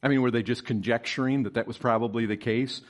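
A man's voice: medium pitch, steady tone, fast talker. A man preaching a sermon to his congregation, reading scripture aloud, asking the listeners questions and building to emphatic, stressed bursts. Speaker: pastor.

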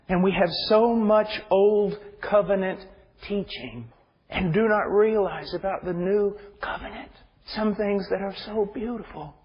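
High-voiced fervent male preacher, echoing hall. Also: unhurried. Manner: swings from hushed near-whispers to loud fervent preaching. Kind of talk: impassioned sermon. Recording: dull muffled sound with hall reverb.

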